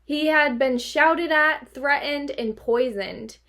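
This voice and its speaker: A woman teacher reading a children's novel aloud to her class, expressive and lively. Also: high voice, slow.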